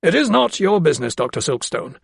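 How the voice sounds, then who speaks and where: A man voicing a stern, solemn old gentleman. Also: expressive, moderate pace, gravelly, dry recording, studio quality. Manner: emphatic, formal and raised in pitch. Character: solemn, guarded elderly gentleman of science.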